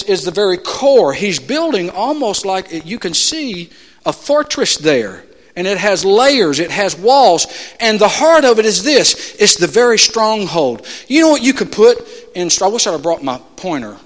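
A male pastor preaching a sermon, emphatic, swinging between loud declarations and quiet asides. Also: high voice, long reverb tail. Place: church sanctuary.

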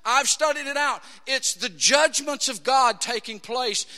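High, bright-voiced preaching man. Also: a little slow. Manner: emphatic, rising to shouts, quotes scripture in acted voices. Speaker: pastor. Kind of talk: sermon. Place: church sanctuary. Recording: long hall reverb.

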